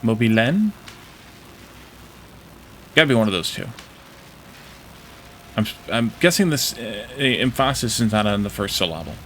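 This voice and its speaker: A man's voice: on the low side, animated, normal speed, pauses often, fairly bright tone, slight background noise. A man streaming a factory-building game, chatting casually with viewers, joking and fumbling over how to say foreign words. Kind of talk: casual gameplay commentary with chat.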